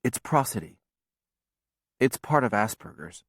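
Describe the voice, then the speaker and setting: A man reading a novel aloud as first-person audiobook narration, in a measured, quiet storytelling manner. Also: on the low side, sing-song, vocal fry, breathy edge, dry recording, clean studio sound.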